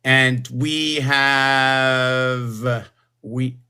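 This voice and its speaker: A man hosting a relaxed livestream from home in a mid-pitched voice. He wanders from thought to thought, musing aloud about words and numbers as they occur to him. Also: very slow, clear, resonant tone. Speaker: livestream host. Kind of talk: casual livestream chat.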